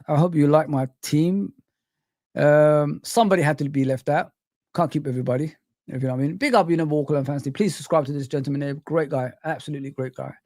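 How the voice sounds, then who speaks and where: A man hosting a casual livestream, chatting lively and reading out and greeting his chat. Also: on the high side, dry recording, studio quality. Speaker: livestream host.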